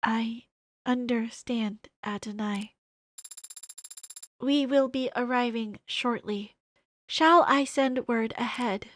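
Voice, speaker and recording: A woman's voice: on the high side, slow, pauses often, a bit bright. A woman voicing a polite, earnest male android assistant in a story game, formal and curious. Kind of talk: reading a game's lines aloud.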